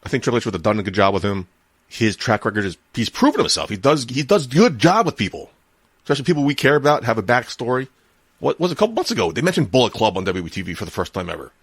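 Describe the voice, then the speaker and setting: A man's voice: mid-range voice, very animated, quick pace, breathy edge, dry recording. A man co-hosting a wrestling podcast, easygoing and thinking aloud with frequent repeats. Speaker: podcast co-host. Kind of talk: casual wrestling podcast chat.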